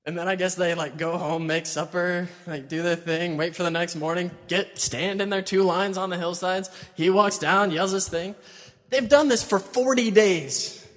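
A man's voice: high voice, fairly even intonation, moderate pace. A young man preaching in a chatty, casual way, retelling a Bible story and acting out the quotes. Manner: chatty, uses "like" a lot, acts out quotes. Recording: long hall reverb.

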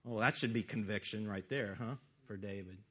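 A man preaching a sermon, retelling a Bible story in an animated way that swings from loud to hushed. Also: lowish voice, moderate pace, breathy edge.

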